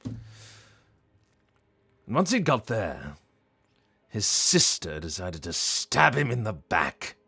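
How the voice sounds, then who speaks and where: A man voicing a vain, sinister male dark-elf storyteller, slow, theatrical and mocking. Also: fairly low pitch, very animated, creaky, breathy edge, pitched above the performer's own voice, heavily acted. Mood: mock-grand.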